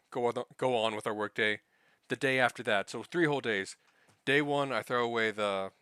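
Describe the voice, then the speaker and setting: A young man spins a rambling, profanity-laced story about his week at work, now and then acting out what other people said. His voice is bright and crisp, and the recording is dry and close. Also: mid-range voice, dry recording. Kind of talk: casual spoken anecdote.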